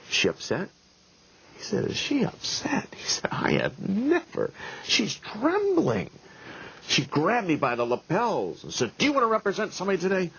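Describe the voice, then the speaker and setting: A man's voice: lowish voice, slightly rough. A middle-aged man, a pastor, telling a story in a wry, folksy sermon style, chuckling often. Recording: lo-fi 1990s video tape.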